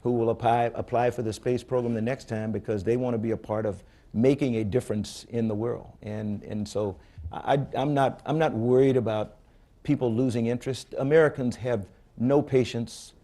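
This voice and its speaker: A man's voice: mid-range voice, steady tone, moderate pace, mellow. An older man answering audience questions at a public forum, candid and blunt, telling stories with frequent restarts. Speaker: space agency head speaking at a public forum. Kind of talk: conversational Q&A answers. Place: conference room before an audience.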